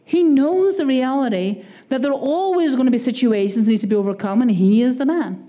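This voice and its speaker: Irish woman preacher, higher-pitched, warm mellow voice, chatty sermon delivery. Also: a little fast. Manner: animated, conversational preaching with quoted asides.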